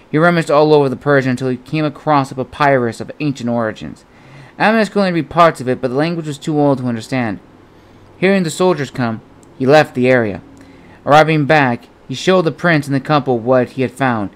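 A man narrating an adventure novel as an audiobook in a steady storytelling manner. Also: medium pitch.

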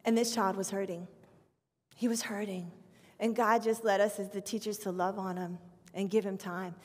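A woman in her fifties, a children's pastor, preaching an animated testimony sermon. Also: mid-range voice, moderate pace. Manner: animated storytelling with acted prayers. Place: church sanctuary. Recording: long reverb of a church hall.

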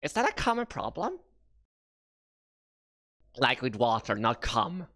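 A woman streamer chatting over gameplay in a low but bright voice that swings wildly up and down. She talks slowly, giggles a lot and bursts into playful shrieks. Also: sing-song. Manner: puts on silly voices for game characters. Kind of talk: casual gameplay commentary.

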